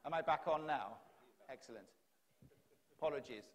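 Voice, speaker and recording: A man's voice: mid-range voice, normal speed. A man giving a keynote speech at a conference, building his points through repeated rhetorical questions into a stage microphone. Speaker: conference speaker. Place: conference hall.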